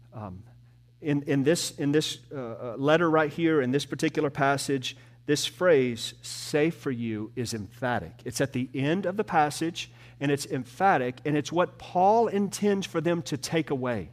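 A man's voice: fairly high pitch, animated, unhurried. Earnest man preaching a sermon. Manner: earnest preaching, swelling then dropping to soft emphasis. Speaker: pastor.

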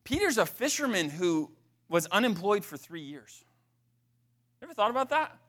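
Bright, high-voiced male preacher. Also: sing-song, normal speed. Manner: conversational, emphatic, frequent restarts and asides. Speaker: pastor. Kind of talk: sermon.

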